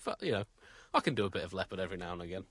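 A man co-hosting a comedy podcast, reading jokes in a deadpan, mock-solemn way and bantering. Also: low-pitched, very fast, slightly rough, no room sound. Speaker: co-host.

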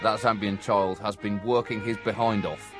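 A man's voice: fairly low pitch, fairly even intonation, moderate pace, over music. A man co-hosting a comedy podcast, riffing with wry, mock-indignant satire.

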